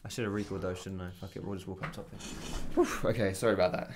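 A man's voice: low voice, steady tone, rapid-fire, darkish tone, slight background noise. A young man giving loose, chatty commentary on his own gameplay from his bedroom, swearing freely. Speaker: gaming commentator. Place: bedroom at home. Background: keyboard and mouse clicks.

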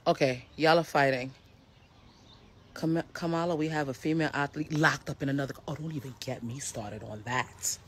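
Low-voiced woman ranting on a live stream. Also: moderate pace. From United States. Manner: heated, blunt, swears freely, talks to viewers directly. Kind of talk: casual live-stream rant.

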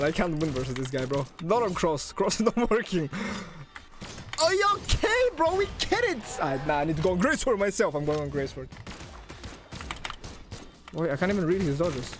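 A young man with a non-native English accent, streaming live gameplay commentary, excitable and swinging between groans and shouts. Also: on the high side, background noise.

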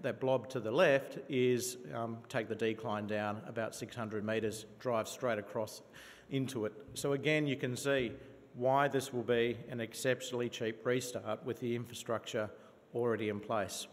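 New Zealand man presenting in a hall. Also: mid-range voice. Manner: enthusiastic, with frequent fillers and restarts. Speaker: company presenter. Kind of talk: investor conference presentation. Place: conference venue. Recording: reverberant conference hall.

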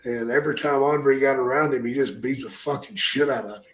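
An older man, a retired wrestler guesting on an interview, telling blunt stories packed with swearing. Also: mid-range voice. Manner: blunt, heavy swearing, drawn-out storytelling. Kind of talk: profane storytelling. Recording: roomy echo.

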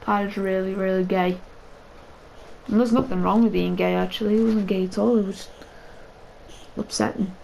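A man giving excitable, chatty commentary over his own gameplay for viewers. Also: sits high, moderate pace, vocal fry, pauses often, slight background noise, rough recording. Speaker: gaming video creator. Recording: game sounds loud under voice. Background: gunfire and game announcer.

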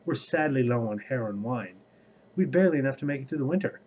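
A man reading the lines of a brisk, practical young man in a fantasy story. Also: medium pitch, animated, darkish tone, dull audio, slight background noise, close to an everyday voice.

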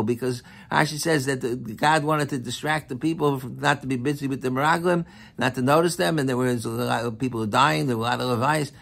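A man giving a sermon as a rabbi, speaking in an animated, emphatic way and often repeating himself. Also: fairly high pitch, a little fast, gravelly. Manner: animated, emphatic, with frequent repetition.

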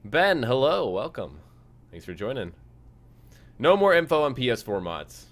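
A man's voice: medium pitch, a little slow. A young man streaming a game, casually chatting and reading out viewer messages with frequent fillers. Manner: relaxed, reads chat aloud, frequent fillers. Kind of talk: casual live-stream chat over gameplay.

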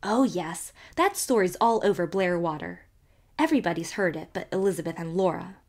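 A woman voicing a sharp-tongued spinster neighbor who relishes scandal and speaks emphatically. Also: lowish voice, expressive, fairly quick. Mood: scandalized.

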